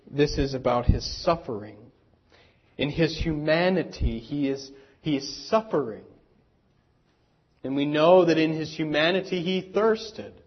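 Man preaching a sermon, husky tone, fairly high voice, earnest and deliberate, muffled lo-fi sound. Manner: earnest, slow and deliberate, with dramatic pauses; speaks directly to children in the congregation. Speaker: pastor.

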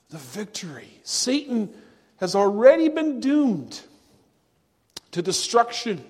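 High-voiced preacher in a reverberant hall. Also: male voice. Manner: earnest, measured preaching with slow, drawn-out emphasis. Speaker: pastor. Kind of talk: sermon.

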